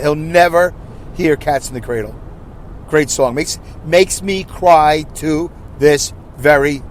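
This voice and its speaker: A man's voice: on the high side, slight background noise. A man in his fifties hosting a solo podcast, rambling through a self-deprecating, emotional rant. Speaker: podcast host.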